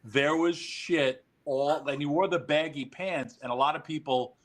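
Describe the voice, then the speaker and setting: A man telling wild stories as a podcast guest, animated and swearing freely. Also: fairly high pitch, a little slow, poor audio. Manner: animated, profane storyteller. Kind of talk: podcast storytelling.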